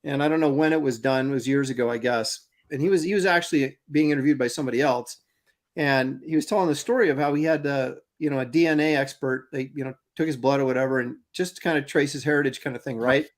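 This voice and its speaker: A man co-hosting a casual live stream over a video call, telling stories in an animated, indignant way. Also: medium pitch, fast talker. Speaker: co-host.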